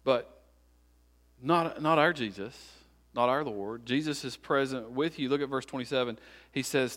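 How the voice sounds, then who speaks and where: Preaching man, swings from loud to hushed. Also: medium pitch, moderate pace. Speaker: pastor. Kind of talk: sermon.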